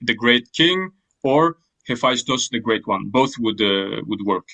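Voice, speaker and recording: A man teaching ancient Greek grammar in an online class, explaining with pauses and restarts over a video call. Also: mid-range voice, lively intonation, sharp tone, rough recording. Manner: thoughtful, hesitant, many restarts. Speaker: language teacher.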